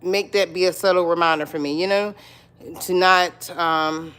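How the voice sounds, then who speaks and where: A chatty woman chats casually on her livestream in a slightly low voice. She loops back over the same phrases and keeps checking in with her viewers. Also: steady tone, normal speed, a bit bright, clear, resonant tone. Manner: chatty, repeats phrases, addresses viewers as y'all and you guys. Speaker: lifestyle vlogger on a livestream. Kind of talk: casual live-stream chat.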